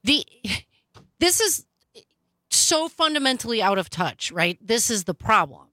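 Brisk, bright-voiced woman radio host. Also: on the high side, big pitch swings, dry recording. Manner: brisk, emphatic, opinionated. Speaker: radio talk show host. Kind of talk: political talk radio. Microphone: studio microphone.

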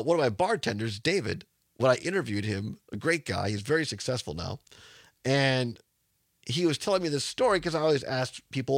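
A man's voice: mid-range voice, dry recording, clean studio sound. A man hosting a radio talk show, chatty and rambling, laughing often. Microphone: studio microphone.

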